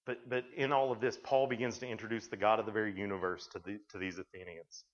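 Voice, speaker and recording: A man's voice: fairly low pitch, fairly even intonation, fast. A man speaking to a youth camp, telling stories in a rambling way with frequent restarts. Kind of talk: sermon. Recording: dull lo-fi recording.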